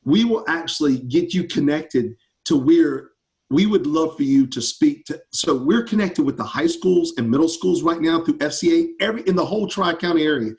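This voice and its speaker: A man, a campus ministry pastor answering students' questions in an enthusiastic, upbeat casual chat over a video call. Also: on the high side.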